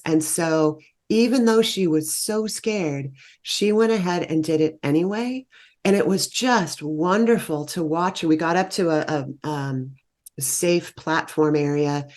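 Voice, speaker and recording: A woman with a low voice tells stories of guiding small groups on treks. She speaks in a relaxed, conversational way and lifts her voice when she acts out what people said. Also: moderate pace. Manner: animated, warm storytelling that lifts into quoted exclamations. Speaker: guest, meditation retreat leader. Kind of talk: conversational storytelling.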